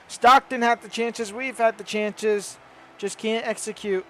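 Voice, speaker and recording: High-voiced man calling a football game. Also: unhurried, a little hiss or hum. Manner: excitable, rising to shouts at goals. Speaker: gaming YouTuber. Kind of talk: play-by-play game commentary.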